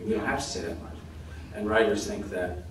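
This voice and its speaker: An American man answering audience questions on a convention panel, relaxed and self-deprecating, laughing often. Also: on the low side, a little fast. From United States. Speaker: actor guest on a convention panel. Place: large convention hall with audience. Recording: very echoey hall from far off, noisy.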